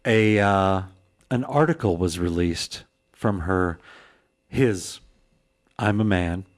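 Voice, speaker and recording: A man narrates his turn in a tabletop game, halting and tripping over his words. His voice is low and his pace slow. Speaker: player.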